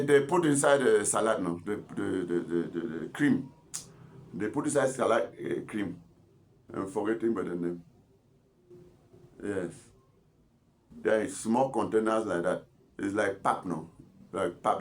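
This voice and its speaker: A man, a doctor giving informal health advice, chatty and scolding, rambling with repeated words and asides. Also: fairly low pitch. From Cameroon. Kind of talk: informal health talk to camera.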